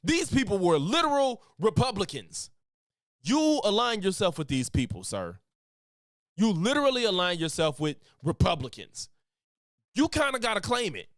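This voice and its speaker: A man talking back at a clip in a lively, argumentative way, his pitch climbing high and swinging widely. The sound is close and dry, with no room around it. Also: normal speed, dry recording. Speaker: streamer reacting to a clip. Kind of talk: reaction commentary.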